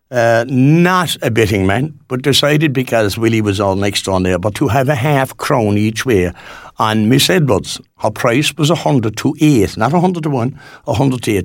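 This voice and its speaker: Gravelly Cork man on local radio. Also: medium pitch, dry recording, clean studio sound. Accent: Cork Irish. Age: 60s. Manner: rambling and folksy, with many fillers and restarts. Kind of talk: chatty local radio presenting.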